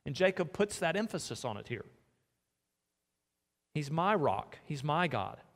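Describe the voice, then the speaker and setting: Earnest preacher in a reverberant church. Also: male voice, a little high, big pitch swings, measured pace, fairly bright tone. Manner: earnest, asks the congregation direct questions. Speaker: pastor. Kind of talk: sermon. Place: church sanctuary. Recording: long hall reverb.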